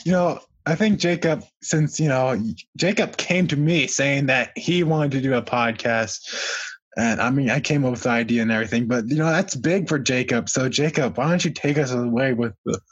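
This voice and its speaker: Young male podcast host, mid pitch, rambling with fillers, slightly muffled remote line. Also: normal speed, husky. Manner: rambling, full of "you know" fillers. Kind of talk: casual chat.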